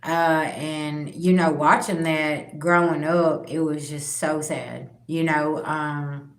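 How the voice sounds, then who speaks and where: Blunt, low-voiced woman in an echoey room. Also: flat delivery, slow. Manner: blunt, profane, addresses viewers directly. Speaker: spiritual channel host. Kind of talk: candid personal storytelling. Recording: roomy echo.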